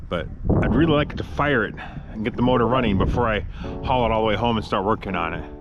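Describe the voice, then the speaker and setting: A man's voice: fairly low pitch, fast, dull audio, over music. A man giving casual, self-mocking running commentary as he works on a truck outdoors in the cold wind. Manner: wry, self-mocking, mutters while working. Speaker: DIY garage vlogger.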